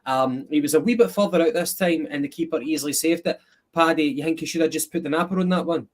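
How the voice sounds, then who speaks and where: Measured Scottish man hosting a match review. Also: fairly high pitch. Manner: measured, hesitant with ums. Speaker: podcast host.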